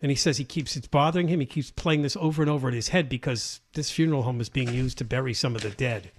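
A man's voice: mid-range voice, fast, slight background noise. A man co-hosting a talk radio show, telling news stories in an indignant, conversational way.

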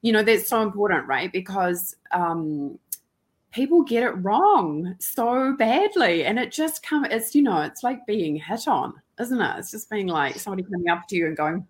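A woman's voice: medium pitch, animated, normal speed, breathy edge. A woman hosting a podcast interview, chatting casually and effusively in long run-on bursts. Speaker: podcast and radio show host.

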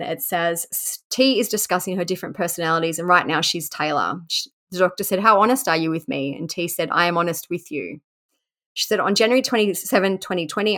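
A woman with a slightly low voice hosts a casual true-crime podcast. She reads court quotes aloud at a conversational pace and breaks in with offhand asides. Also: fairly bright tone. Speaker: podcast host.

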